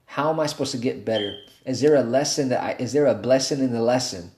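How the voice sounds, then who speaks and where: A man in his thirties giving a motivational talk on a livestream, telling a story in a casual, animated way. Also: medium pitch, fast talker, reverberant. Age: 30s. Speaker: motivational speaker.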